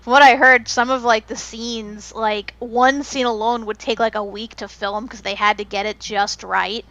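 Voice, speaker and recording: A woman's voice: a little high, steady tone, normal speed, sharp tone, lo-fi sound. A woman co-hosting a podcast, chatting casually and sharing trivia with many fillers. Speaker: podcast co-host. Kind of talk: casual chat.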